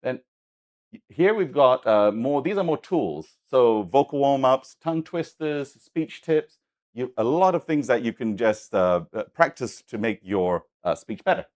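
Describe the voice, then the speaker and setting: A man presenting software to a festival audience, hurried and halting with many restarts. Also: mid-range voice, expressive. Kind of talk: live product demo talk.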